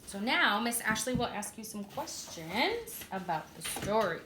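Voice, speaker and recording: A preschool teacher, a woman, reading a story aloud and asking the children questions in a clear, expressive way. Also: medium pitch, a little slow, noisy background. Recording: echoey room.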